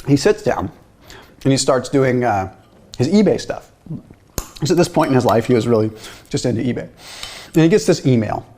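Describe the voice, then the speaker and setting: A man hosts a nutrition video in a loose, chatty style full of "like" and "right?", telling a story before explaining diet science. His medium-pitched, warm voice has lively intonation, normal speed, and frequent pauses, with a little hiss or hum in the audio.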